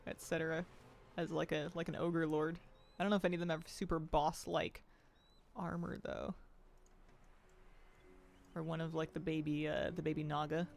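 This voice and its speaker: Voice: medium pitch, flat delivery, moderate pace, creaky, long pauses. A streamer chatting casually at a home desk while gaming, reading out viewer messages and cooing at a pet cat in a playful baby voice. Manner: reads out and answers viewer chat.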